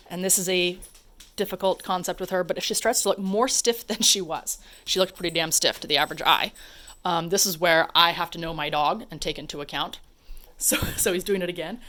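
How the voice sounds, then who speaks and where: A woman dog trainer talking casually over a video, explaining her dogs' behavior and now and then calling out to them. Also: lowish voice. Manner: chatty, explains while calling to her dogs.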